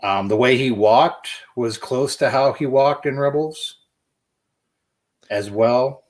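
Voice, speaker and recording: A man's voice: medium pitch, slow pace. A man giving blunt, opinionated takes in a casual chat as a co-host.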